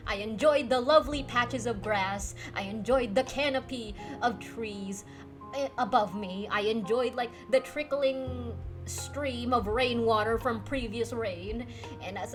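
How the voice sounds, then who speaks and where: A young woman, casually telling a story on her livestream and answering chat, laughing often as she talks. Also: on the high side. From Philippines. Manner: giggly, lively, laughs often mid-sentence. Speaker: streamer.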